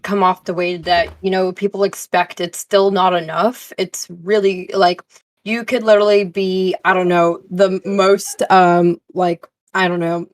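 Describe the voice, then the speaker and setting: A woman's voice: fairly low pitch, level tone, unhurried. A woman telling a story bluntly in a casual group chat, swearing freely.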